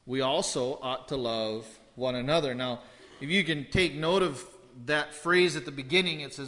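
A man preaching a verse-by-verse sermon, deliberate and repeating key phrases for emphasis. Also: a little high, sharp tone, big-room sound. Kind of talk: expository sermon.

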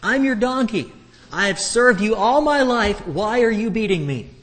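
A man's voice: high-pitched, expressive, normal speed, a bit bright, long reverb tail, pitched above the performer's own voice. A man voicing a bewildered, pleading female donkey during a Bible lesson. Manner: plaintive, pleading.

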